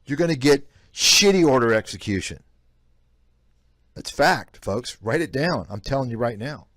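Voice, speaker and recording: Brief: male host, mid pitch, dry close sound, blunt and scornful rant. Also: lively intonation, moderate pace, a bit bright, dry recording. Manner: blunt, scornful, repetitive ranting. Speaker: host, investment analyst. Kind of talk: live-stream commentary reacting to clips.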